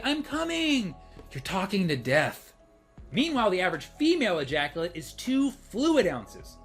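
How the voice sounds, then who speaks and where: Deadpan male comic reading stats. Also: high voice. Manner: deadpan statistics delivery with punchline drops. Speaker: stand-up comedian. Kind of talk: stand-up comedy set.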